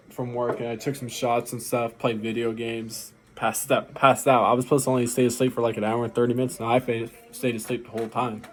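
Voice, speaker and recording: A man hosting an anime reaction video, tired late at night, rambling loosely with fillers and restarts. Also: medium pitch. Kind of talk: casual reaction commentary.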